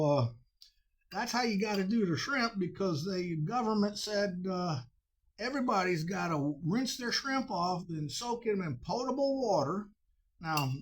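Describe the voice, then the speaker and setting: High-voiced folksy man. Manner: folksy, drawling, with frequent uh fillers. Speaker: cooking show host. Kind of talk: rambling folksy cooking talk.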